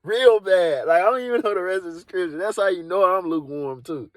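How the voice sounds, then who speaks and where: A man's voice: sits high, fairly quick, no echo. A man doing improvised comedy from inside a car, rambling and leaning on "you know" and "like". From Dallas area.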